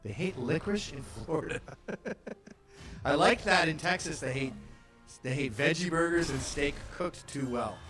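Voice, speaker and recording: Man, host, lively swooping pitch, profane, wisecracking, casual chat. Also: measured pace, faint music behind. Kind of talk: casual comedic chat reacting to maps.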